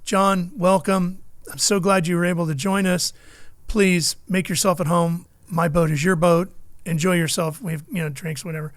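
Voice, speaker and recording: A man's voice: high voice, steady tone, moderate pace, no echo, lightly acted. A man doing a gracious, polite boat owner. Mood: welcoming. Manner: courteous, welcoming.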